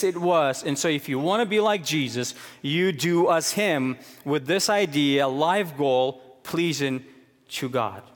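A man preaching a sermon with a somewhat high voice. He swings from hushed, low passages to raised, emphatic questions. His words ring out with a long reverb, as in a large church hall. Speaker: pastor.

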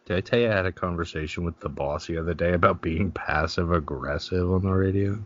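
Deep-voiced sarcastic man, lo-fi podcast. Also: quick pace. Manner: sarcastic, laughs often, lively storytelling. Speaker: podcast co-host. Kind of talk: casual chat. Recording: dull lo-fi sound with faint noise.

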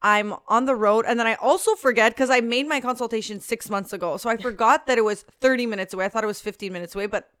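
Woman, twenties, podcast co-host. Clear, smooth voice, close and dry. Animated storyteller who laughs often. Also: fairly high pitch, fast talker, hardly any pauses, dry recording. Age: 20s. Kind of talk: casual chat.

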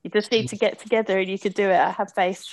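A woman's voice: medium pitch, fairly even intonation, fast, poor audio. A woman with a Bedfordshire accent who interviews an author in a chatty, upbeat way. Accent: Bedfordshire English. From Bedfordshire, England. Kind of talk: casual interview chat.

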